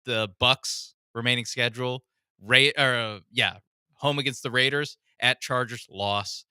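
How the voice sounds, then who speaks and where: A man's voice: medium pitch, fairly even intonation, measured pace, sharp tone, clean tone, dry recording, clean studio sound. A man co-hosting a sports radio show, casually running through team schedules with chuckles.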